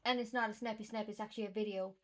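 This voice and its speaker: A woman's voice: mid-range voice, fairly even intonation, very fast, a little hiss or hum. A British woman streaming from a room at home, chatting casually in a rambling, self-deprecating way. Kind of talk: casual livestream chat.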